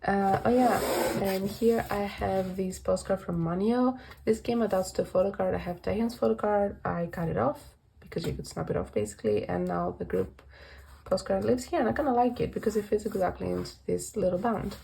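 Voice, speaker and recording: A woman's voice: medium pitch, a little fast, creaky, mellow, slight background noise, low-quality recording. A woman chatting casually as she flips through her collection binders, rambling and correcting herself with little laughs, her voice a bit worn as she is losing it. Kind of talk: casual vlog walkthrough.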